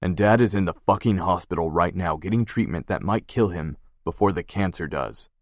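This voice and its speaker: A man voicing a gruff, guarded young male tattoo artist who talks curtly and swears. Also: deep voice, moderate pace, no echo, studio quality. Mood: irritated. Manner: curt, swearing.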